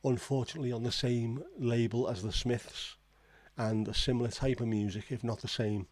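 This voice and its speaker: A man's voice: medium pitch, steady tone, moderate pace, a little mellow. A man hosting a casual livestream, reading out viewer comments and reacting with blunt, swearing disbelief. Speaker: livestream host.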